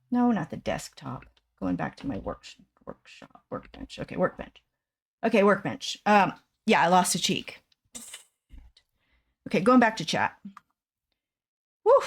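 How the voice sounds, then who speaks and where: A woman's voice: fairly low pitch, big pitch swings, a little slow, vocal fry, pauses often, slightly rough, low-quality recording. An older woman hosting a crafting livestream, chatting casually and self-deprecatingly as she works on a puppet. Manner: chatty, self-deprecating, narrates her work as she goes. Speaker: puppet maker and livestream host. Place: porch outdoors, then home workshop.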